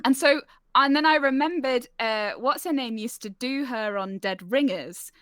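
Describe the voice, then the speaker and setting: A woman's voice: on the high side, moderate pace, fairly bright tone. A woman, telling a self-deprecating story in casual chat over an online call, full of "like"s and fillers. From near Leicester, England. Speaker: guest storyteller on a live-streamed chat show. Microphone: home microphone over an online call.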